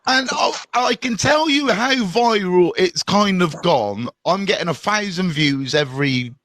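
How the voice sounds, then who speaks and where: Lively, high-voiced man hosting a live stream. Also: measured pace, dry recording. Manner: chatty, playful, teasing. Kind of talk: casual live-stream chat. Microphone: phone.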